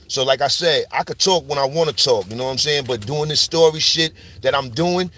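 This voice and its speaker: A man's voice: a little high, a little fast, hardly any pauses, fairly bright tone. A man from New York with a New York accent, telling stories in a casual, slang-heavy monologue full of "you heard?" tags. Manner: street slang, repeats "you heard?" and "you know what I'm saying". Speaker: storyteller YouTuber.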